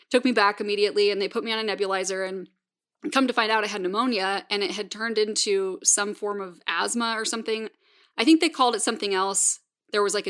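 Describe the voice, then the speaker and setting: A woman's voice: mid-range voice, sharp tone. A woman in her thirties hosting a podcast, telling a personal story in a casual, chatty way with many fillers and wry asides. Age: 30s. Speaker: podcast host.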